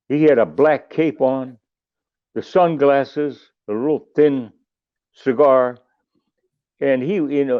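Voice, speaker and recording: A man's voice: mid-range voice, dry recording. An older man, a musician guest on a podcast, telling long rambling stories with salty asides and restarts. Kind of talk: casual storytelling. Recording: tinny phone line, dry.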